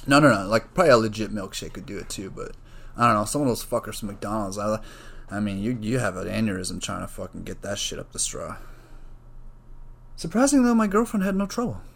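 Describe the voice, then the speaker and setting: A man's voice: lowish voice, fast talker, creaky, a bit bright. A man talking casually on his own, rambling, swearing freely and drifting into jokey asides. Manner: rambling, profane, joking asides. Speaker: student. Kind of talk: casual solo monologue.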